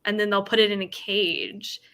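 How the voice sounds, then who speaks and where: A young woman in her twenties chatting casually with a friend, full of fillers and animated about her pet rabbit. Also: mid-range voice, moderate pace. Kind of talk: casual chat.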